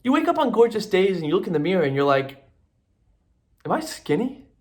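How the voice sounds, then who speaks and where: A man's voice: sits high, big pitch swings, rapid-fire. A man hosting a comedy show, delivering a sarcastic, rambling monologue and acting out both sides of imagined conversations. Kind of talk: comic monologue to camera.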